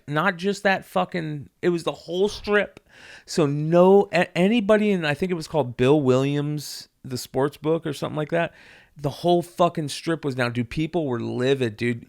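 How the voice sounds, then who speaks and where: Gravelly, profane podcast storyteller man. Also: a little high, normal speed, a little mellow, dry recording, studio quality. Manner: rambling storyteller, heavy swearing, acts out quotes. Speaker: podcast co-host. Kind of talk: casual chat.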